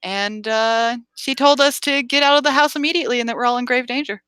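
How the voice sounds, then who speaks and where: A woman playing a tabletop game, animated and laughing often. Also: a little high, fast, clean tone, no room sound. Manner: giggly, animated. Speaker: player. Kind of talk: casual tabletop play.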